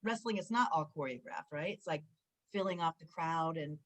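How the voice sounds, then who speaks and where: A woman's voice: low voice, normal speed, a little hiss or hum, low-quality recording. A woman in her forties from Southern California, a former wrestler, chatting as an interview guest and acting out what people said. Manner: animated storyteller, acts out quoted dialogue with many fillers. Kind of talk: casual interview chat.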